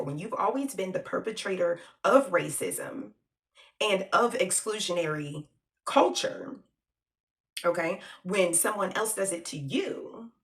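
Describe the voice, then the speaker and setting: A woman's voice: lowish voice, far from the mic. A woman from the United States giving blunt, slangy opinion commentary in a vlog, laughing often and taking asides. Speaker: vlogger.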